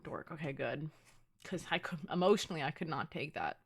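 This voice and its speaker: Young woman streamer, lower voice, casual and teasing, lots of "like". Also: lively intonation, a little fast, slightly rough. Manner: chatty and playful, teasing her chat, frequent "like". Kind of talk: casual live-stream chat.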